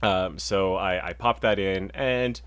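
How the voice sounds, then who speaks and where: A man's voice: sits low, takes it slowly, fairly bright tone, clear, resonant tone, no echo. A young man co-hosting a video game podcast, chatting casually and rambling with lots of restarts. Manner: rambling, many fillers and restarts. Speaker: podcast co-host. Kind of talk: casual chat.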